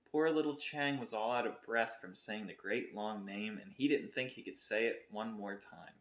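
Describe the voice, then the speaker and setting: A man's voice: on the low side, normal speed, hardly any pauses. A man co-hosting a podcast, reading a picture book aloud expressively, with occasional self-corrections. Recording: roomy echo.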